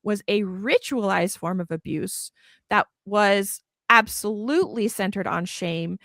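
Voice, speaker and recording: A woman's voice: medium pitch, unhurried, fairly bright tone, no echo, studio quality. A woman guest on a podcast, talking in an impassioned, emphatic and indignant way. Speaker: guest author. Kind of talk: podcast conversation.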